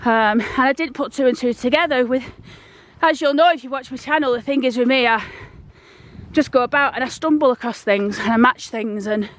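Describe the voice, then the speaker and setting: A woman's voice: high-pitched, fairly quick. Breathless woman vlogging. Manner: chatty, rambling, down-to-earth. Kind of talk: casual walk-and-talk vlog. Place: outdoors, walking through town. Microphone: handheld phone.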